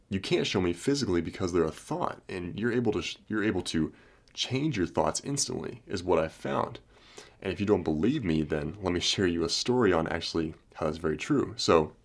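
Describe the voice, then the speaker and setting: Young male self-help host, very low voice, earnest and rambling storyteller. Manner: earnest, repetitive "he's like" storytelling. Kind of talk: motivational talk with storytelling.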